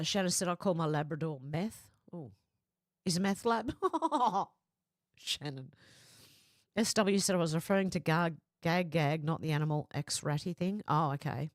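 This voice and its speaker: A woman's voice: deep voice, dry recording, clean studio sound. A woman hosting a livestream in casual chat, reading viewer comments aloud and answering them, often laughing. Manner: reads comments aloud and chats back, often breaking into laughter.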